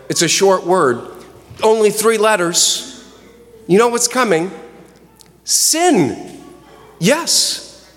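A man's voice: on the high side, a bit bright. Preaching man in an echoing hall. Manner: conversational, asks the congregation direct questions; slows down for emphasis. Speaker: pastor. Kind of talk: sermon.

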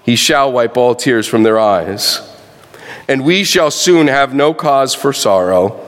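A pastor preaching a sermon, asking rhetorical questions and swinging his pitch widely for emphasis. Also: animated, takes it slowly, a bit bright, in a large hall.

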